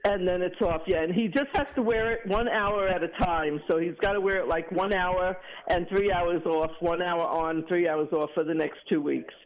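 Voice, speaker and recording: A woman's voice: on the low side, moderate pace, few pauses. A woman calling in to a radio show, chatting and retelling stories with laughter over a dull phone line. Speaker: caller. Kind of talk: casual phone chat.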